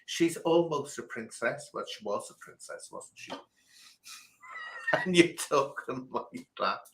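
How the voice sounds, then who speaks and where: A man's voice: medium pitch, slow, poor audio. A man hosting a casual live stream, telling stories with emphatic repetition. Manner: animated storyteller, emphatic repetition. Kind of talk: casual chat.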